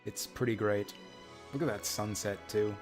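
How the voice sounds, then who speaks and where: A man's voice: lowish voice, fairly even intonation, moderate pace. A man streaming an old role-playing game, chatting casually and reading the game's text aloud with his own asides. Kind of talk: casual let's-play commentary. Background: faint game music.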